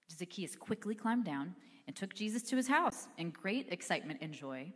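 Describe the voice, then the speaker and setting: A woman's voice: medium pitch, expressive, moderate pace, big-room sound. A woman preaching a sermon in a church, speaking in a conversational, earnest way with casual fillers. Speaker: pastor. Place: church sanctuary.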